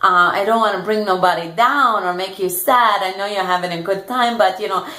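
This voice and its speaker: A woman's voice: medium pitch, a little fast, pushed and bright, close to an everyday voice. Woman doing a middle-aged Italian gondolier, Italian accent, broken English, rambling and sentimental, roomy echo. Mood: wistful. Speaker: host. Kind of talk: comedic character monologue.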